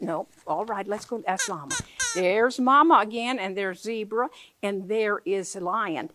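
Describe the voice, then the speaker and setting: A woman's voice: mid-range voice, normal speed, a bit bright, a little hiss or hum. A woman reading a picture book aloud to children, playful and full of questions for her listeners.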